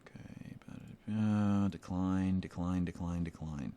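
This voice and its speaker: Deep-voiced guy rambling and cussing over a game, dry sarcastic asides. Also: steady tone, slow, dark tone. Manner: profane, rambling, sardonic asides. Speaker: let's play commentator. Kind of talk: casual gameplay commentary.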